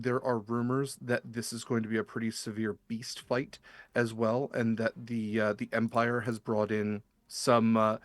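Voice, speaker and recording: A man's voice: mid-range voice, no echo. A man in a mid-range voice running a tabletop game as game master, narrating the world loosely with plenty of "uh"s and "like"s. His voice comes through close and dry. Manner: relaxed, rambling narration with fillers.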